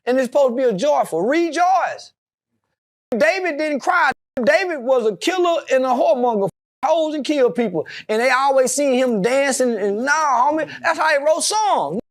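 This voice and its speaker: A brash, profane man speaks in an unusually high voice, his clear in every line. He rambles loosely from one point to the next, answering as a guest in a casual interview. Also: animated, moderate pace.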